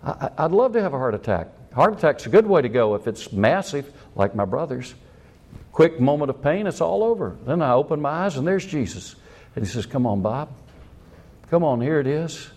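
An older man, a pastor, preaching a sermon in an animated way that acts out the quotes he tells. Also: on the high side, brisk.

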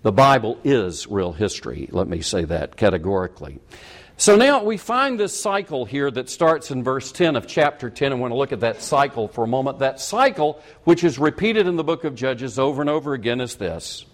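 A man's voice: medium pitch, expressive, normal speed. A man preaching an expository sermon, stressing key points by repeating them and correcting himself mid-sentence.

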